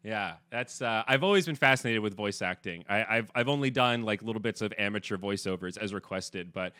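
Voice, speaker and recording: A deep-voiced man hosts a casual podcast interview. His tone is bright and forceful, and he rambles in a relaxed way. The recording is dry and close. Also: a little fast, smooth, dry recording. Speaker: podcast host.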